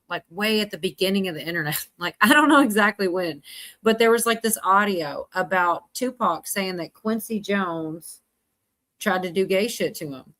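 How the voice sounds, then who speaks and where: Livestream host, woman, mid pitch, rambling casual chatter, laughs a lot. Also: fairly bright tone. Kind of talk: casual chat.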